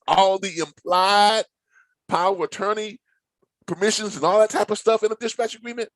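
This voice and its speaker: A man, a logistics trainer walking viewers through a load board, animated and playfully dramatic with teasing asides. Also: high-pitched, normal speed, no room sound, low-quality recording. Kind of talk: screen-share tutorial talk.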